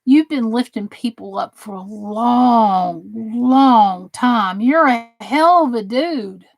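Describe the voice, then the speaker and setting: Slow-paced and on the high side, this Southern US woman chats with the viewers of her crafting channel. She swings between teasing sarcasm and earnest encouragement.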